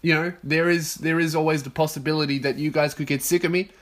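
A man in his twenties talks a bit higher than most men. He rambles through a solo podcast, swearing freely and laughing at his own jokes. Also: steady tone, quick pace. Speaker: podcast host. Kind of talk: casual solo podcast rant.

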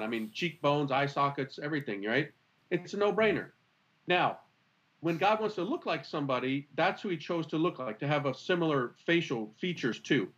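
An earnest, expressive man talks through his ideas in a conversation, leaning on rhetorical questions. His voice sits a little high and swings widely in pitch. The recording is slightly muffled and lo-fi. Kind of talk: animated conversational teaching.

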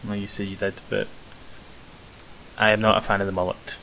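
A young Scottish man chatting casually about a film as a podcast co-host, rambling with many pauses and ums. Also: fairly low pitch, level tone, gravelly, bright, forceful tone, low-quality recording. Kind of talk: casual film review chat. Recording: faint hiss.

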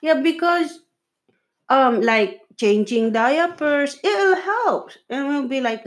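Slow, earnest woman giving marriage advice. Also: high-pitched, expressive. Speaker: podcast co-host. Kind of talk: casual chat with her husband.

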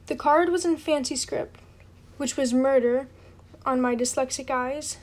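A woman's voice: sits high, normal speed, darkish tone. A woman reading a novel aloud at home in an unpolished, amateur style and apologizing for her slips. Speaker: reader.

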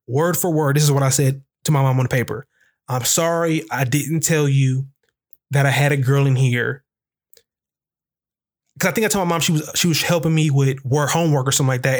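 A young man telling candid, profane stories in a rambling, casual way, full of fillers and grammar. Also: medium pitch. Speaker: podcast host. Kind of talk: casual storytelling.

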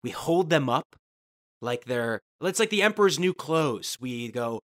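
Bright, sarcastic ranting man. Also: a little high, lively intonation, unhurried. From Ohio. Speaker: podcast co-host. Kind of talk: casual comedic chat.

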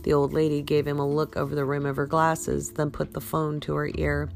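A woman reads a story aloud in a low voice with a gravelly edge. Her delivery is unhurried, and she corrects her small slips as she goes. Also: completely flat delivery, over music. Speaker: host and story reader.

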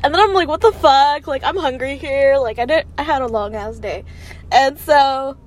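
A woman's voice: high voice, normal speed. A young woman telling a rambling story in casual chat, coughing from smoke now and then. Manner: rambling, laid-back, laughs and coughs often.

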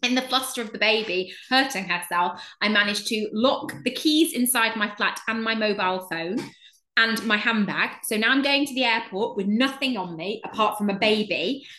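A woman's voice: mid-range voice, moderate pace, echoey room. A woman from England in her thirties, a guest telling a story in casual chat and acting out what everyone said. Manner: animated storyteller acting out quoted voices.

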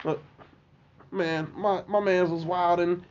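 A young man, a podcast guest, telling a story casually and animatedly, often laughing and jumping way up in pitch. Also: slow pace. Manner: animated, laughing, shifts to very high pitch when quoting himself. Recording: dull lo-fi podcast audio.

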